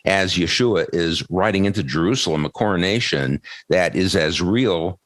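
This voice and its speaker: A very deep-voiced American man co-hosting a podcast, his talk measured and explanatory as he works through a Bible passage. The sound is dry and close, with no room in it. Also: a bit bright, no room sound. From United States. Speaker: podcast co-host. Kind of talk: casual Bible discussion.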